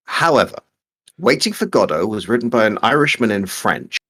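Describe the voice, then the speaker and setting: A man with a low, husky voice that swings up and down as he talks, chatting casually on a live stream. He jokes as he reads out viewer questions and rambles along, heard through a remote call mic. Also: sing-song, moderate pace, a bit bright.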